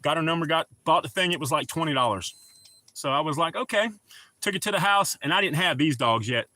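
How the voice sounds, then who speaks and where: Middle-aged male streamer, slightly high voice with a bright edge, easygoing chat with viewers. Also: fast talker. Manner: laid-back, chatty, greets viewers by name. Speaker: livestream host. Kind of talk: casual livestream chat.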